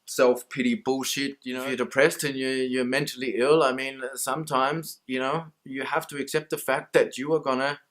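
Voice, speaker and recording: Australian man, mid-pitched, unscripted vlog rant, blunt, profane, self-mocking. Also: flat delivery, normal speed, hardly any pauses, fairly bright tone. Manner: rambling, swears freely, laughs at himself. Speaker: mental health vlogger. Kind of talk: candid casual monologue.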